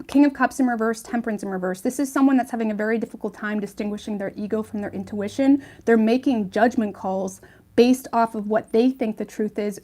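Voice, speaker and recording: A woman's voice: a little high, mellow. A woman giving a casual tarot reading to her viewers, chatty and reassuring, often checking in with "okay?" and "right?". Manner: chatty, reassuring, many ums and okays. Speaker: tarot reader.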